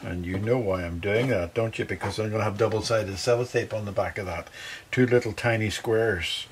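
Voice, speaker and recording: A man's voice: fairly low pitch, fairly quick, a little hiss or hum, rough recording. A middle-aged man working as a luthier, chatting through each step of a guitar setup in his workshop. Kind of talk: workshop demonstration to camera.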